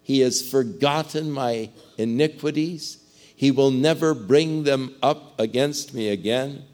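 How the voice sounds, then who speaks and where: A man preaching a sermon, emphatic and dramatic, swinging between loud bursts and hushed asides. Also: medium pitch, a little slow, soft background music.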